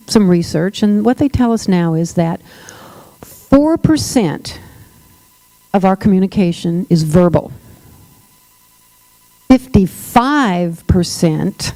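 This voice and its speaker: A woman's voice: medium pitch, creaky, mellow, dry recording, rough recording. A woman presenting a workshop on dementia care. She speaks emphatically and addresses the audience directly. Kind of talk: workshop talk to a live audience.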